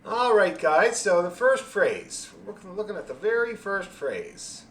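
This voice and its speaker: A man teaching a fiddle class over a video call, explaining rhythm in a friendly, joking way and singing the beats out loud. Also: high voice, very animated, a little slow, echoey room, slight background noise. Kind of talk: online music lesson, explaining and demonstrating.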